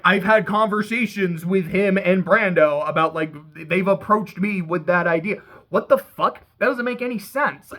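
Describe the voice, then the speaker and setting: A man's voice: on the high side, bright, forceful tone. A man hosting a casual recap, rambling and swearing, laughing often as he paraphrases what others said. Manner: rambling, profane, laughs often, quotes people in quick paraphrase. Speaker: podcast host recapping a reality show.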